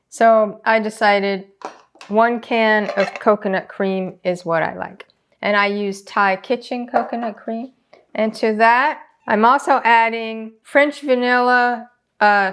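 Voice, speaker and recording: A woman's voice: a little high, smooth. Chatty woman hosting a cooking demo. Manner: chatty, explains each step as she works. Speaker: cooking channel host. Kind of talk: casual cooking demonstration.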